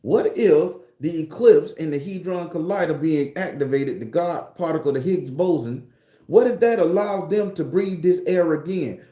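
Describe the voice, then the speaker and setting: A man's voice: high-pitched, warm tone. A man ranting casually to his viewers as a spiritual vlogger, profane, rambling and preachy. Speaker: spiritual tarot reader vlogger. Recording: roomy echo.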